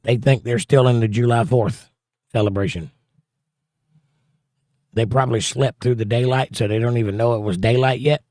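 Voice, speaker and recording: A man's voice: medium pitch, fairly even intonation, moderate pace, pauses often, warm tone, dry recording, clean studio sound. Folksy man hosting a live chat show. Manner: folksy, chatty, reads chat aloud. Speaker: host. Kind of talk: casual livestream chat, reading viewer comments.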